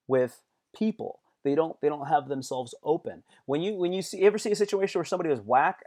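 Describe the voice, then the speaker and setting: A man talks straight to his live-stream viewers in a casual, motivational way. His voice sits slightly higher than most men's. He leans on slang, repeats phrases, and acts out angry outbursts as examples. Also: a little mellow.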